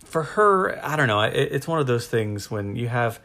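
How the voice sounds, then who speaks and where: A man's voice: mid-range voice, animated, normal speed, sharp tone. A man co-hosting a casual podcast chat, rambling through his thoughts with frequent restarts. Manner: rambling, laughs often, restarts. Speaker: podcast co-host.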